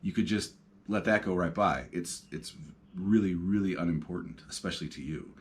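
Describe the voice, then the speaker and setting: A man's voice: deep voice, moderate pace, a little hiss or hum. A man in his thirties hosting a podcast, talking casually and reflectively from his couch at home, rambling with plenty of ums and uhs. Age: 30s. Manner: rambling, reflective, lots of fillers. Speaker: podcast host. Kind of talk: casual solo talk.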